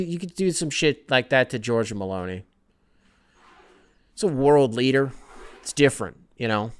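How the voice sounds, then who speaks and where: A young man hosting a podcast, ranting casually with lots of swearing and quick put-on quotes. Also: mid-range voice, a bit bright, smooth. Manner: profane, rambling, jumps into mocking quoted voices. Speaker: podcast host. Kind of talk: casual comedic rant.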